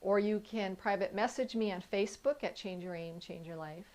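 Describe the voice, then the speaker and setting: A woman's voice: medium pitch, moderate pace, a little mellow. Earnest woman coach speaking to camera. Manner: earnest, encouraging, addresses the viewer directly; writes on a board while talking, stops to correct herself. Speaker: inner life coach. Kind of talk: motivational video talk.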